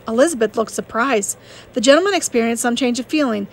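A woman narrating a classic novel as an audiobook reader, steady and measured. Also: on the high side.

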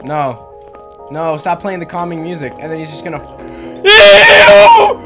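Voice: mid-range voice, moderate pace. A gaming channel host giving panicked let's-play commentary, shrieking and repeating words over and over. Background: game music.

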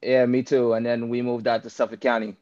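A man's voice: medium pitch, level tone, brisk, darkish tone. A man from Queens, New York, a guest on a live show, answering hesitantly with many fillers. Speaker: guest caller. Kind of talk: casual interview on a live stream. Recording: dull, lo-fi call audio.

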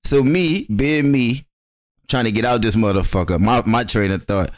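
Young male podcast co-host, mid pitch, spins a rowdy story full of laughs and put-on voices, close dry mic. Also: moderate pace, dry recording. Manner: loud, laughing, acts out voices in his stories. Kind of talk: animated storytelling.

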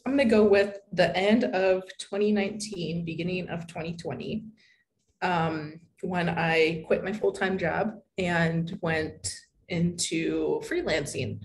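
A woman's voice: lowish voice, slight background noise, low-quality recording. An American woman, a content writer, chatting casually as a podcast guest and peppering her talk with "like". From United States. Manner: chatty, peppers speech with "like", acts out quoted voices. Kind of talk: casual interview chat.

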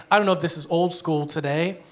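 Pastor guy in his 30s preaching casual, kinda high voice, jokes around and laughs a lot. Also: steady tone, normal speed. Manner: conversational, joking, laughs often. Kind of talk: sermon. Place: church.

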